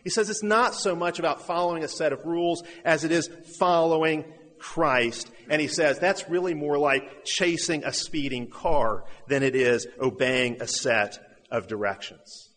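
A man from the southern United States delivers an earnest sermon, his voice sitting a touch high for a man. He builds with rhetorical questions and phrases repeated for emphasis. The recording carries a long reverb, as if from a large hall. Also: measured pace, a bit bright. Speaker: preacher.

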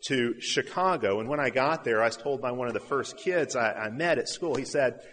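A man's voice: mid-range voice, normal speed, a bit bright, in a large hall. A man from the southern United States preaching a sermon, earnest, with rhetorical questions and repeated phrases.

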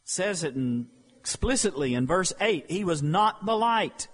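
Slow emphatic preacher in a reverberant hall. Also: male voice, high voice, lively intonation. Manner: slow, emphatic preaching with dramatic pauses and acted quotes. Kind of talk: sermon. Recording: long reverb of a large hall.

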